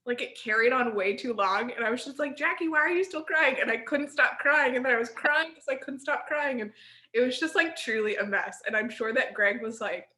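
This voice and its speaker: A woman in her thirties telling stories in a rambling, animated casual chat, laughing often. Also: on the high side, brisk. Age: 30s. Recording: echoey room.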